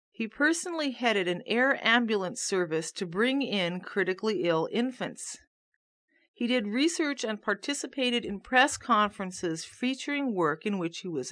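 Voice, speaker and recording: A woman reads a nonfiction book aloud, her voice at an ordinary middle pitch. The delivery is steady and measured, recorded close and dry with no room echo.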